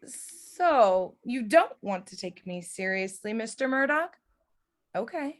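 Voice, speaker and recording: A woman's voice: a little high, lively intonation, slow. A woman reading the part of Electra, a poised and elusive young woman, with a playful, teasing manner in an amateur script table read.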